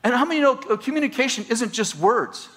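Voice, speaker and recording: A man's voice: very high voice, quick pace. A man preaching a humorous sermon as a pastor and marriage counselor, telling stories and acting out the people in them. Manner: storytelling, animated, acts out quoted people.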